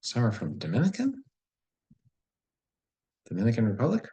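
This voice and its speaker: A man's voice: mid-range voice, wildly swooping pitch, normal speed, mellow, rough recording. A man solving a word puzzle and thinking aloud in a casual, musing way, often questioning himself. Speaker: puzzle solver.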